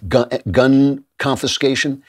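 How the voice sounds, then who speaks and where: A man's voice: mid-range voice, level tone, slow. A man hosting a political talk show, giving emphatic, sardonic opinion commentary into a studio mic. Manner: emphatic, sardonic, with occasional laughs.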